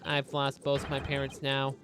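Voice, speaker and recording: A man voicing a grieving male soldier who talks through a drone, in a flat robotic delivery. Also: medium pitch, unhurried, over music, natural voice. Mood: mournful.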